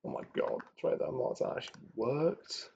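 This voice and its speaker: A young man talks to himself as he trades on a live stream, drifting between quiet muttering and chatty asides. His mid-pitched voice has a gravelly fry to it. The recording sounds dull and lo-fi. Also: wildly swooping pitch, normal speed, slight background noise. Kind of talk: thinking aloud while trading.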